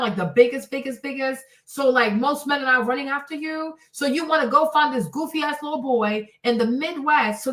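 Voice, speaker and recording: A woman hosting a stream, ranting in an animated, exasperated way, swearing freely and sometimes breaking into shouts. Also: high voice, far from the mic. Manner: bursts into shouts. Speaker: host. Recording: echoey room, off the mic.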